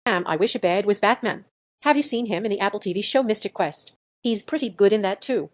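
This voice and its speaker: A woman reading forum comments aloud in an even, matter-of-fact way. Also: mid-range voice, fairly quick. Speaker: narrator reading online comments.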